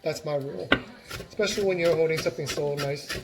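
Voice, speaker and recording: A man's voice: fairly high pitch, fast, gravelly, background noise. A man giving a casual cooking demonstration in his home kitchen, chatty and encouraging as he talks while chopping.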